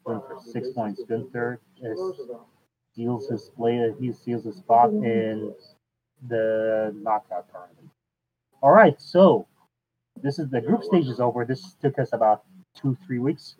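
A man hosting a casual chat at a medium pitch, in an unhurried way. He fills pauses with "uh" and often restarts his sentences. His voice comes through a thin, tinny line like a phone call. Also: a little mellow. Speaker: podcast host.

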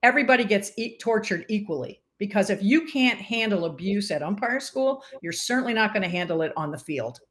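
A woman in her sixties talks as a podcast guest, telling long stories with a lively swing in her voice. She acts out what other people said and keeps an easy conversational pace. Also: mid-range voice, fairly quick, few pauses. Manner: animated storyteller who acts out quoted voices. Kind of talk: storytelling interview chat.

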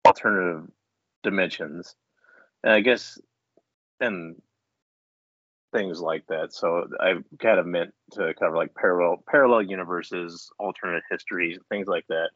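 Cast: male podcast co-host, low husky voice, loose rambling talker, dull muffled home recording. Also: unhurried, long pauses, fairly bright tone, dry recording. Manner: rambling, laughs often, many restarts. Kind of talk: casual chat. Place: indoors at home.

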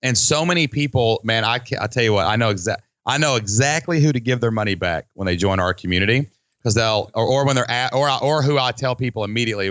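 A man hosting a podcast in casual chat, animated and folksy, acting out quoted people with big jumps in his voice. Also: medium pitch, fast, no room sound. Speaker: podcast host.

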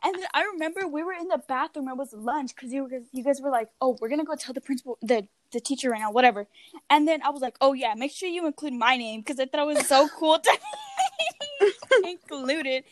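A woman's voice: high-pitched, quick pace, dry recording. A teenage girl chatting casually with a friend, giggly and chiming in. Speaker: podcast co-host. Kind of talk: casual chat.

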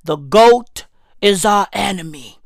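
A woman delivering a loud, profane comedic rant that keeps breaking into shouts. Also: medium pitch, animated, slow pace, vocal fry, no room sound, clean studio sound. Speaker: vlogger.

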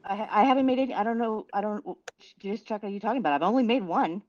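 A woman's voice: mid-range voice, very fast, darkish tone. Blunt swearing woman on a dull voice chat. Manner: blunt, heavy swearing, defensive. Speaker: group chat member. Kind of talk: casual group voice chat.

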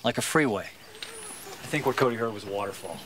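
A man's voice: fairly low pitch, expressive, fast, over a noisy crowd, natural voice. An actor playing a sad-eyed park ranger who patiently questions a lost boy in a film clip. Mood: questioning.

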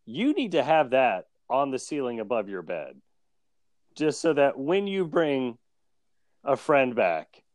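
A man's voice: mid-range voice, takes it slowly, no echo. Jokey man with a dry close sound. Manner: jokey, laughs often, animated. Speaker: podcast co-host. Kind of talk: casual chat recapping a cartoon episode.

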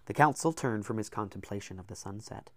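A man narrating an audiobook in a steady, descriptive reading. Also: on the low side, a little fast, no room sound.

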